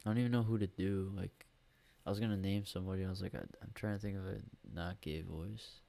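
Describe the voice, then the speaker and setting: A man's voice: deep voice, fairly even intonation, fast, vocal fry, dark tone. A man hosting a solo podcast on a USB microphone, rambling and grumbling with lots of swearing. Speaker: podcast host.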